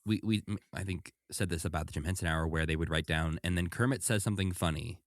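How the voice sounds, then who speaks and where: A man co-hosting a casual chat podcast, animated, laughing often and acting out quoted lines. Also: low-pitched, fast, dry recording, clean studio sound. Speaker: podcast co-host.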